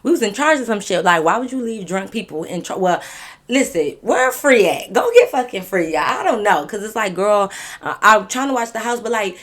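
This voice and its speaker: Animated woman telling a story. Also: mid-range voice, moderate pace. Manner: animated, profane, talks straight to viewers. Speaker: storyteller vlogger. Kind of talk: casual storytime.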